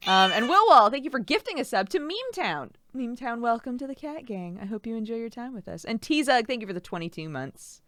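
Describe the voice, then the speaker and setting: A woman's voice: a little high, sing-song, fairly quick, few pauses, bright, forceful tone, no room sound, studio quality. A woman streamer chatting casually with her viewers, laughing often, swearing freely and thanking subscribers. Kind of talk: casual live-stream chat, reading sub thank-yous.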